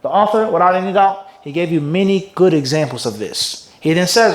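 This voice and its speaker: A man teaching a religious hadith class as a mufti, his voice pitched notably high. He keeps the room involved with call-and-response questions and moves through Arabic passages at a brisk clip. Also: animated. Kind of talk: religious lecture.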